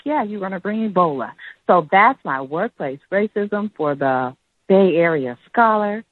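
A middle-aged woman calling in, telling a story in a chatty, halting way with many fillers, over a phone line. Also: on the low side, expressive, breathy edge, no echo. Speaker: caller. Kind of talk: call-in story.

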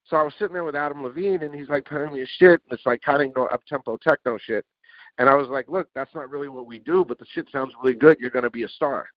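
A man telling stories as a podcast guest in a casual, animated way, swearing and acting out what people said. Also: mid-range voice, fast talker, no room sound. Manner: animated, swears, acts out quotes. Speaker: interview guest, music producer. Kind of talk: casual storytelling. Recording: dull lo-fi dry sound.

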